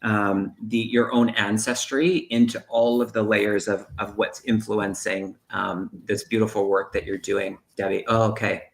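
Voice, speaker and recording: A man hosting a live stream of psychic readings over a video call, speaking softly and wandering through loose analogies. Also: on the low side, little pitch movement, unhurried, vocal fry, few pauses. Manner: soft, meandering, thinks aloud in loose analogies. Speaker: psychic medium and stream host.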